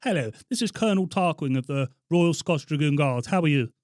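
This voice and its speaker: A man's voice: on the high side, animated, brisk, darkish tone, lightly acted. A man playing a pompous, plummy-voiced army colonel in a prank phone call, overly polite and formal. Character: pompous posh army colonel phoning a guardroom.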